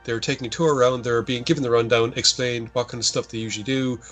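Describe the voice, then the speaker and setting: A man's voice: medium pitch, steady tone, quick pace, a bit bright, soft background music. A man co-hosting a podcast, rambling and swearing as he recaps a horror film. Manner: rambling, profane, self-correcting. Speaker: podcast co-host. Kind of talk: casual chat, recapping a film.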